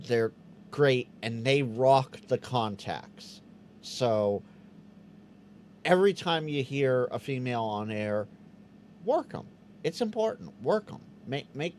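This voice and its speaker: A man chats through a live question-and-answer stream, his pitch bouncing around in a lively, expressive way. He stumbles into quick restarts and slips into little acted-out quotes. A faint hum of room noise sits under his voice. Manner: animated, stammering restarts, acts out quoted voices. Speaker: livestream host answering chat questions. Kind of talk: casual live Q&A chat.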